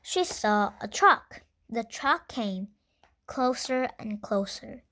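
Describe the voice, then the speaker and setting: Slow, bright woman reading a kids' story. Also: fairly high pitch, lively intonation. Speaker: children's story reader. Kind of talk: children's storybook read-aloud.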